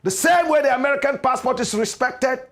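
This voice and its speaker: A man's voice: very high-pitched, brisk, a bit bright. A man with a Ghanaian English accent hosting a political commentary show, speaking with impassioned, preachy rhetoric and repeated refrains. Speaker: radio and online show host.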